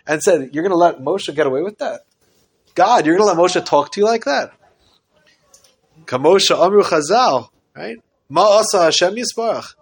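A man leads a Torah study class, his voice sitting a little high for a man. He talks in an animated way, acting out the dialogue he quotes from the text. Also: slightly rough. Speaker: Torah teacher.

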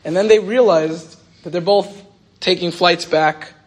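A man with a slightly raised voice tells a story in a lively Torah talk. He acts out each person in the dialogue and fills his speech with a casual "like". He speaks as a teacher to his listeners. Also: sits high, unhurried. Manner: animated storytelling, acts out quoted dialogue, frequent "like". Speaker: rabbi and teacher.

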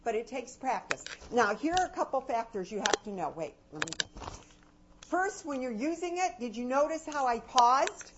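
A high, very animated woman leads a live workshop, her pitch swinging up and then dropping low and soft. The sound is muffled and dull, with clear noise behind her. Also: moderate pace. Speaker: workshop speaker on parenting. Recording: muffled recording with background noise.

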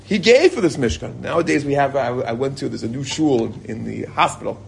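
A man's voice: mid-range voice, lively intonation, brisk, vocal fry, a little hiss or hum. A middle-aged man teaching an informal Torah class to a live group, reading Hebrew passages and then explaining them in casual, joking English.

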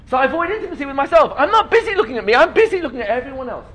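A man's voice: very high voice, very animated, fast, fairly bright tone, slight background noise. A man giving a lecture to an audience, often acting out little scenes in funny voices, asking rhetorical questions and laughing. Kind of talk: lecture at a learning day. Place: lecture at a school event, before an audience.

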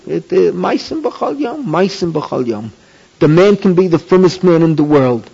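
A man's voice: fairly high pitch, sing-song, measured pace, gravelly, warm tone, breathy edge. A man teaching a religious class, emphatic and repetitive, often firing off questions and repeating key phrases. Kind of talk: Torah lecture. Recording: dull lo-fi tape recording.

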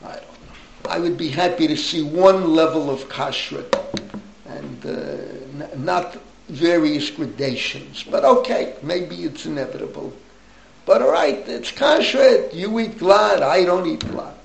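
A man in his eighties, a rabbi teaching an informal class, telling rambling, animated stories with asides to his listeners. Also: on the high side, vocal fry, reverberant, low-quality recording. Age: 80s. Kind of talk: informal Torah class talk.

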